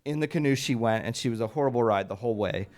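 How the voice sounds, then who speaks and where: On a small stage at a live storytelling night, a man with a mid-range voice speaks fast, recounting something that happened to him. His delivery is conversational and wry, carrying a humorous edge.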